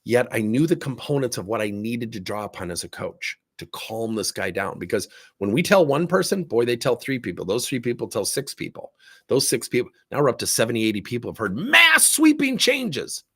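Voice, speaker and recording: A middle-aged man with a gravelly, husky voice coaches on leadership in a livestream talk, speaking fairly quickly. His lively delivery has wide pitch swings as he tells workplace stories and acts out both sides of each exchange.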